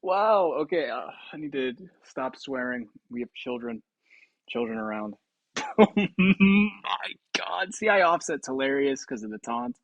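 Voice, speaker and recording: A mobile game video creator giving casual gameplay commentary, chatty, swearing freely and breaking into loud laughing outbursts. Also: mid-range voice, lively intonation, moderate pace, dry recording, highs cut off.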